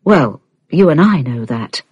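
Woman reader doing a low quiet guy, slow and hesitant, husky, dry sound. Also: animated, dry recording, dull audio, full character voice. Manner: low, subdued and measured. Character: troubled adult man, quiet and hesitant.

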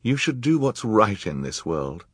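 A man's voice: on the low side, sing-song, measured pace, slightly rough, dry recording, studio quality, pitched above the performer's own voice, heavily acted. A man voicing a righteous older woman judge who speaks earnestly in a storybook reading.

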